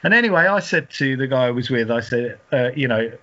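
A man's voice: medium pitch, lively intonation, brisk, bright, forceful tone. A middle-aged man from England, co-hosting a podcast, telling a long story in a rambling way, laughing and restarting often. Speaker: podcast co-host. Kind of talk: casual storytelling chat. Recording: dull lo-fi audio.

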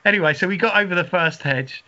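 A man's voice: high voice, quick pace, bright, forceful tone. Rambling, laughing middle-aged man telling a story. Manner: rambling, laughing, lots of restarts. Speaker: podcast co-host. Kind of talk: casual storytelling chat. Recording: dull lo-fi audio.

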